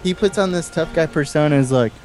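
A man's voice: fairly high pitch, quick pace, a little mellow, faint music behind. A man chatting on a podcast, telling a story with laughs and swearing. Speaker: podcast guest. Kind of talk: casual podcast chat.

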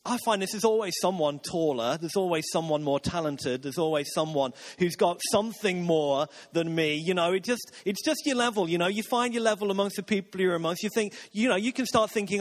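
Man, pastor, high-pitched voice, casual rambling sermon, asides. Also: fairly quick, hardly any pauses. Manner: conversational, rambling with restarts and asides.

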